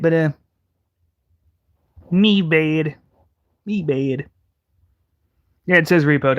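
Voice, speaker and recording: A man's voice: fairly high pitch, a bit bright. A man giving casual reaction commentary, rambling and heated, stumbling over restarts. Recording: dull lo-fi audio.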